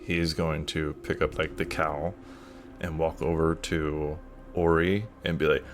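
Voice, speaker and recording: A man's voice: a bass voice, level tone, moderate pace, a little hiss or hum. A man player narrating his character's actions in a playful, casual way. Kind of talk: tabletop role-play.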